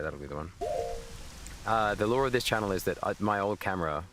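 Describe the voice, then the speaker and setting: A man's voice: fairly low pitch, expressive, brisk, background noise. An Australian man in his thirties chatting casually while streaming a game, swearing and answering his chat. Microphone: webcam. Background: video game music.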